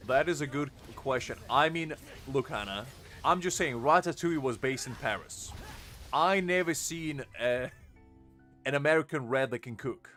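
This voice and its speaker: A man's voice: medium pitch, normal speed, pushed and bright, faint music behind. A young man streaming a game, chatting casually with his viewers in a joking, rambling way and answering them by name. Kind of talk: casual live-stream chat.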